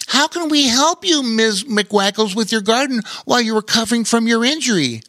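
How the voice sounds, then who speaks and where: A man's voice: extremely high pitch, animated, normal speed, sharp tone, no echo, clean studio sound, pitched above the performer's own voice, full character voice. A man voicing a curious young otter in a children's story, asking eager questions.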